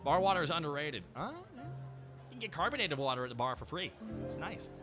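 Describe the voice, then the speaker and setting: A man's voice: on the high side, fairly quick. A man chatting with his viewers on a live stream, joking and riffing on their comments. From Canada. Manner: animated, joking, riffs with chat. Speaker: VTuber streamer. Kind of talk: casual live-stream chat. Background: music.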